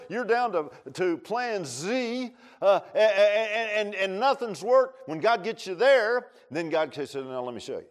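A man preaching a sermon in a folksy, conversational way, with restarts and asides to the congregation. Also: high voice.

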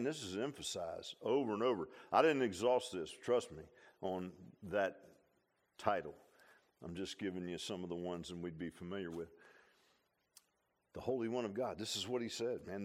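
A man preaching a sermon. He swings between loud, emphatic lines and low, quiet asides, often repeating and restarting phrases.

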